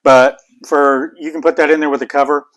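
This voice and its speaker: A man's voice: on the high side, flat delivery, fairly quick, a bit bright. Chatty folksy man with an Appalachian drawl. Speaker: cooking channel host. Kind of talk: casual cooking vlog talk. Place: home kitchen.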